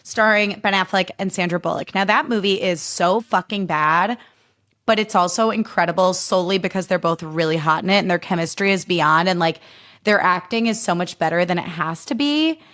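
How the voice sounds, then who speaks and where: A woman's voice: on the low side, brisk, a bit bright. Woman, mid-thirties, from Illinois, solo podcast host, chatty and emphatic, heavy on fillers and profanity. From Illinois, USA. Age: 30s. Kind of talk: casual solo podcast chat.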